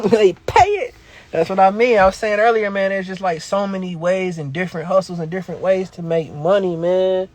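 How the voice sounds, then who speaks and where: A man's voice: high-pitched, steady tone, brisk, hardly any pauses, no room sound. A man hosting a casual livestream, talking in a slangy, streetwise, motivational way and laughing often. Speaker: livestream host, reselling coach.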